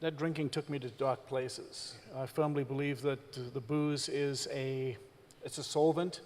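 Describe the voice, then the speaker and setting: A man with a South African accent, a visiting reverend giving a candid personal testimony during a church service, speaking in a measured way with frequent pauses. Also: mid-range voice, steady tone, a little mellow, long reverb tail. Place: church stage.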